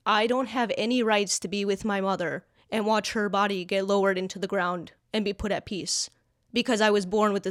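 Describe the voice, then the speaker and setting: A woman's voice: medium pitch, no echo, clean studio sound. A young woman telling a storytime monologue to camera, blunt, sarcastic and exasperated. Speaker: vlogger.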